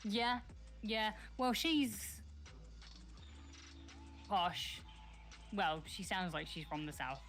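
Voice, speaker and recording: A woman with a Northern English accent from near Sheffield chats on a livestream in a blunt, sweary way, laughing easily. Her voice is bright and sharp. Faint music plays behind her. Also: mid-range voice, expressive, extremely slow, long pauses. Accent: Northern English, Sheffield area. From northern England, near Sheffield. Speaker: co-streamer guest. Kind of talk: casual chat on a livestream.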